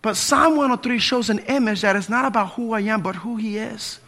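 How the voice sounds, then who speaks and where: High, bright-voiced preacher man. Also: a little fast. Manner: impassioned, swinging between loud appeals and hushed pleading. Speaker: pastor. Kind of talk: sermon.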